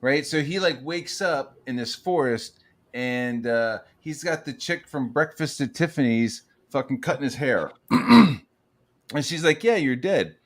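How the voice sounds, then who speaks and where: A man's voice: medium pitch, unhurried. A man hosting a casual comics talk show, telling rambling, profane stories and jumping between topics. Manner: profane, rambling, animated storytelling. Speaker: podcast host. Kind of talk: casual chat.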